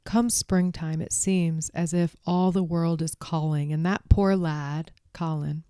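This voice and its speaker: A woman's voice: sits low, fairly even intonation, unhurried, dark tone, clean tone, no room sound, clean studio sound. A woman voicing an earnest, caring country boy who speaks urgently.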